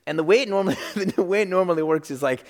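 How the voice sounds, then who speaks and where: Animated storyteller man in a big hall. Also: high voice, fast talker. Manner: animated storyteller, acts out quotes. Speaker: speaker at a church service. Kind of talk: storytelling sermon. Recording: long reverb of a large hall.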